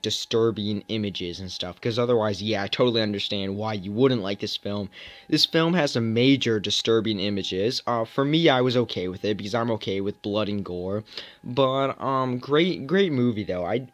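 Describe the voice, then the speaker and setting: A young man casually reviewing films, rambling with many fillers and self-mocking asides. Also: mid-range voice. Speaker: movie reviewer.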